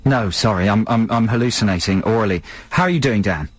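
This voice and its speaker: Husky-voiced radio host, playful. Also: male voice, on the low side, fast, dry recording. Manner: joking, playful teasing of callers. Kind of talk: casual radio banter.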